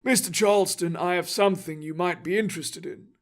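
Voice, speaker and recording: An ancient librarian, old and wry, with a raised, unhurried voice full of calm amusement, as a man reads him aloud. Nothing rattles him, and he speaks as if he knows far more than he says. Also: high voice, lightly acted. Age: older.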